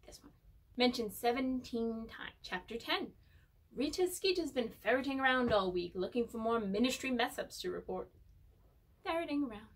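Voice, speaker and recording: A young woman with a slightly high voice reads passages aloud and keeps breaking off for playful, chatty comments. She sits a little back from the microphone in a room at home. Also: expressive, normal speed, recorded from a distance, poor audio. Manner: playful, chatty asides between read passages. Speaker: pet vlogger reading aloud. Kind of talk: casual chat and book reading.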